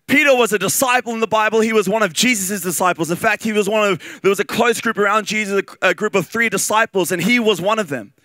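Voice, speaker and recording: A man with an Australian accent preaching a sermon in a lively, conversational way, with fillers and repeated phrases. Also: high-pitched, fast, few pauses, no echo.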